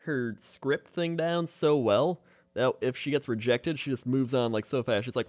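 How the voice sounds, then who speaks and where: In a clean, dry studio recording, a man with a mid-range, slightly mellow voice chats at a normal pace as a podcast co-host. He's laid-back and giggly while telling stories.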